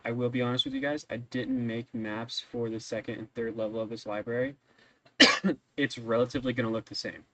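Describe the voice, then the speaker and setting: A man's voice: medium pitch, a bit bright, low-quality recording. Casual rambling male game master. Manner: casual, rambling, many ums. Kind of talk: narrating a tabletop game.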